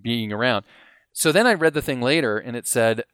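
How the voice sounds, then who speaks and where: A man as a podcast guest telling a long story in an animated, self-deprecating way. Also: mid-range voice, moderate pace, smooth, no echo, clean studio sound. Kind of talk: casual storytelling.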